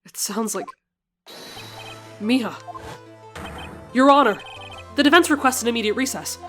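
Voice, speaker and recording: A woman's voice: mid-range voice, animated, normal speed, faint music behind, lightly acted. A woman voicing a young male defense lawyer in a game, speaking firmly. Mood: determined.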